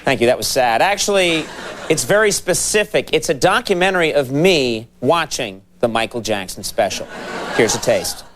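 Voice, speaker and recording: A man's voice: mid-range voice, expressive, moderate pace, crowd noise. A man hosting a late-night comedy show, playful and mock-earnest, with laughing asides. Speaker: talk show host. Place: TV studio with live audience. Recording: studio with audience noise.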